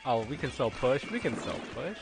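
A man chatting casually and reacting excitedly while playing an online game with friends, laughing often. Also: mid-range voice, moderate pace, vocal fry. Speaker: gamer streaming online matches with friends. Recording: game music playing behind. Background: game music.

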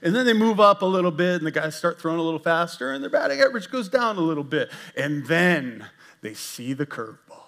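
Fairly high and creaky, the voice of an older executive pastor moves briskly through a casual sermon in church. He jokes, makes fun of himself, and stays animated, often addressing the congregation in asides.

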